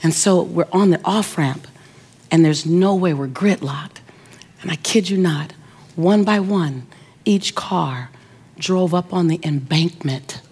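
A woman's voice: lowish voice, darkish tone, husky. A middle-aged woman giving an inspirational speech, telling a personal story with emphatic repetition and speaking straight to her audience. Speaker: motivational speaker.

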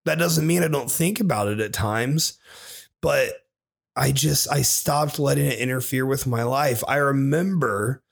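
Young male podcast co-host from Ohio, rough husky voice, loose swearing storyteller. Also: medium pitch, measured pace. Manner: swearing, rambling, laughs often. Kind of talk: casual chat.

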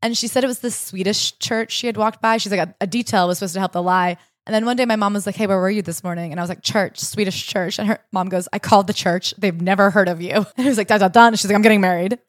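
A woman's voice: medium pitch, quick pace, few pauses, no echo, clean studio sound. A woman co-hosting a casual chat, retelling a memoir with jokes and acted-out quotes. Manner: animated, jokey, acts out quotes. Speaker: podcast co-host.

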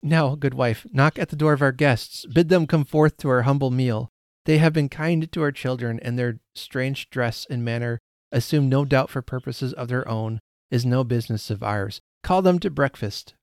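A man's voice: mid-range voice, normal speed, a little mellow, no echo, clean studio sound, close to an everyday voice. A man voicing a humble, poor father who speaks firmly and earnestly to his wife. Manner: firm, earnest and hospitable.

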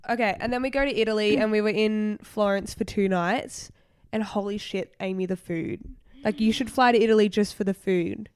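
A young woman, chatting casually as a podcast host. She rambles through stories with plenty of fillers. Her voice is smooth and resonant. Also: medium pitch, a little fast, darkish tone. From Australia. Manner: chatty, storytelling with many fillers. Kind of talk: casual chat.

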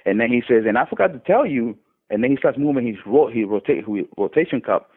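A man's voice: medium pitch, fast, husky. A man casually telling a faith testimony, often restarting and lifting his voice when quoting others. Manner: animated retelling with many restarts, voice rising when quoting others. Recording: tinny phone-line sound.

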